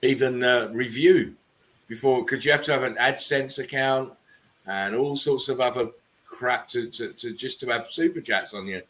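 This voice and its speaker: A man's voice: mid-range voice, normal speed, fairly bright tone. A man hosting a casual livestream chat, talking loosely with many fillers and repeated words. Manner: loose, repetitive, with frequent "um" and "uh". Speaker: livestream host.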